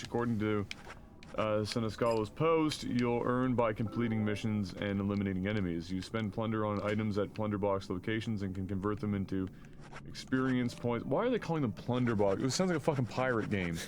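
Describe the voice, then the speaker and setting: A man streaming a co-op game, chatting casually and reading news aloud with frequent fillers and swearing. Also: on the low side. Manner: profane, jokey, reads with frequent fillers.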